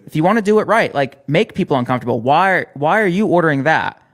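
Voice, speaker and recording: Fast-talking blunt man on discipline. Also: fairly high pitch, expressive. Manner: blunt, profane, challenging questions. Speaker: podcast guest. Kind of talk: motivational podcast talk.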